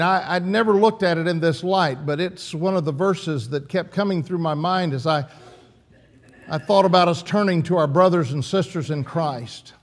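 Man preaching an earnest sermon. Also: high-pitched. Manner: earnest, emphatic preaching with frequent restarts. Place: church.

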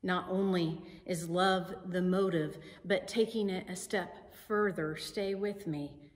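A woman pastor preaching a sermon in a slow, deliberate, emphatic way. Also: lowish voice, fairly even intonation. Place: church sanctuary. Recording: sanctuary with long reverb.

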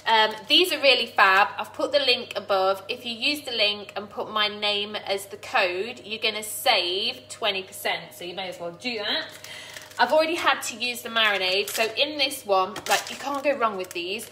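A woman hosting a chatty live cooking stream from her home kitchen, bubbly and excitable. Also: mid-range voice, slight background noise. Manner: bubbly, excitable, quick to laugh and tear up. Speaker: cooking livestream host.

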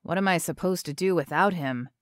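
A woman voicing a young man whose voice is thick and halting with emotion. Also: on the low side, no echo, clean studio sound, natural voice. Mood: choked up. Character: young grown man, shaken son near tears.

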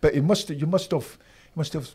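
An older man with a Scottish accent, telling animated stories from his football career as an interview guest. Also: a little high, brisk, husky. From Scotland. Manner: animated anecdotes, acts out voices of others. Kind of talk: casual storytelling.

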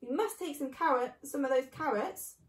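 A woman's voice: sits high, normal speed, close to an everyday voice. A woman voicing a small, earnest young fox cub in a storybook reading. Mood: eager. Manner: eager and earnest. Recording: echoey room.

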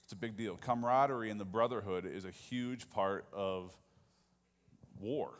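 A male pastor delivers a sermon in a relaxed, conversational way, often turning to the congregation with questions. His voice sits a little low. The sound carries a long, ringing reverb from a large church sanctuary. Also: moderate pace.

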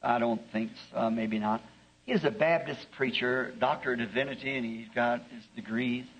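On dull, lo-fi archive tape, a Southern American preacher chuckles his way through homespun anecdotes in a sermon. He speaks at a normal speed in a husky, medium-pitched voice.

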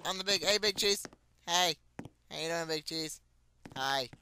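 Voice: mid-range voice, a little slow, over music. A playful gamer giving casual commentary and chatting goofily with characters in the game. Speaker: gameplay commentator.

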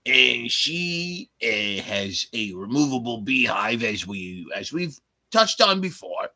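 A man's voice: mid-range voice, sing-song, slow, creaky, pushed and bright, full character voice. A man doing an impression of a rambling man who swears offhandedly about his wife and his enemies.

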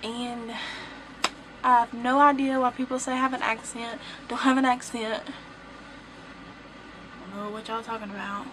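A woman's voice: fairly high pitch, level tone, normal speed, long pauses, background noise. A young woman with a Southern US accent, chatting playfully to the camera as a vlogger. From southern United States. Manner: playful, teasing. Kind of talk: casual chat to camera.

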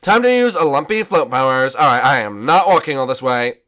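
A man playing a goofy, lovesick old wizard king who rambles and stumbles through his words. His pitch leaps all over the place, and his talk is full of ums and nervous restarts. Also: lively intonation, a little fast, a bit bright, natural voice. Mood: bumbling. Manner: rambling, hesitant, lots of ums. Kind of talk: voicing a character over gameplay.

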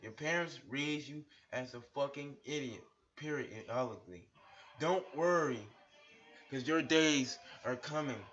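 A man's voice: mid-range voice, measured pace, fairly bright tone, soft background music. A man ranting angrily at another YouTuber, insulting him over and over with a lot of swearing. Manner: profane, insulting, repetitive; shirtless on camera. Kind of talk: angry rant video. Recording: dull lo-fi webcam audio.

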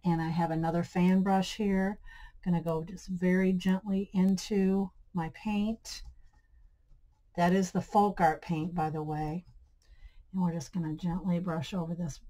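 Chatty woman, lowish voice. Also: warm tone, rough recording. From Michigan, USA. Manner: chatty, keeps addressing viewers as guys and friends; gushing about her projects. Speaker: craft channel host. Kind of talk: DIY craft tutorial.

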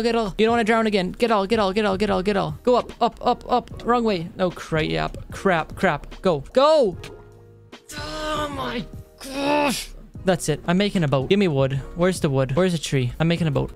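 A man giving casual gameplay commentary, excitable, talking to himself and his viewers, gasping and groaning as he plays. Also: a little high. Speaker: Minecraft let's player.

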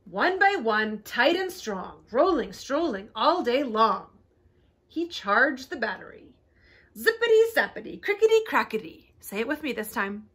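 A woman reads children's picture books aloud at a library storytime. She is animated and talks right to the little listeners. Her voice is high, swoops widely and has a breathy softness, and she takes her time. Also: unhurried. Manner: animated and expressive, speaks to young children.

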